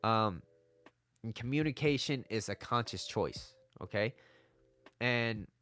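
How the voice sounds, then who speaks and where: A man's voice: mid-range voice, fairly bright tone. A man giving blunt relationship advice in a casual talk to camera, swearing freely and checking in with "right?" again and again. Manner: blunt and conversational, swears, keeps asking "right?". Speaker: dating and relationship advice vlogger.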